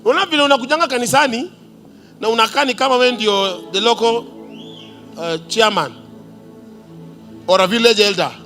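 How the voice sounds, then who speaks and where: A man's voice: very high voice, fairly quick, pauses often, sharp tone, soft background music. A man with a Kenyan accent preaching a prophetic sermon in church, commanding and decreeing, with Swahili asides. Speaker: pastor. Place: church service.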